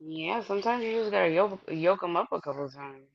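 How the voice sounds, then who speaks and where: A woman co-hosting a casual chat, giving quiet, drawn-out reactions and questions. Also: lowish voice, lively intonation, gravelly, highs cut off.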